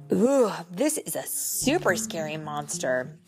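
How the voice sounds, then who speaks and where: Young woman storybook reader, unhurried, animated pitch, gentle exclaims; faint music under. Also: gravelly. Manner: slow, expressive, gently exclaiming. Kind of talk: reading a picture book aloud to a child.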